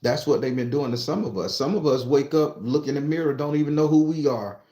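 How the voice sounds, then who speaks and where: A man's voice: fairly high pitch, fairly quick, dark tone, reverberant. A man who works as a spiritualist and tarot reader, talking to his followers in a casual monologue that is profane and preachy and full of joking asides.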